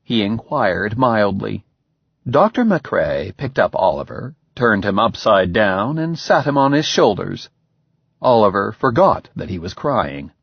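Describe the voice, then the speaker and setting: A man narrating an audiobook in an expressive, measured way. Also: on the low side, gravelly, slightly rough, no echo. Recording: slightly dull, dry recording.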